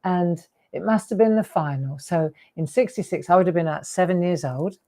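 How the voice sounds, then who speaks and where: A woman's voice: fairly low pitch, a little fast, mellow. A woman in her sixties hosting a live craft show, chatty and rambling with laughing asides. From England. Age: 60s. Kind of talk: live craft demo chat.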